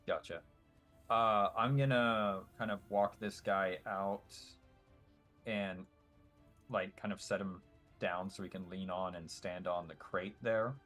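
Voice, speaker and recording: Player, male, very low voice, relaxed, light music underneath. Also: slow pace. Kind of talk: casual tabletop play.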